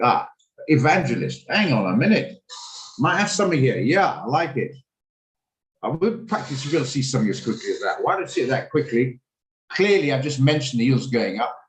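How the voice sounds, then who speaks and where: A man's voice: medium pitch, echoey room, poor audio. A man hosting a live trading session, chatting and thinking aloud as he works through charts. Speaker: trading room host. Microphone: video call.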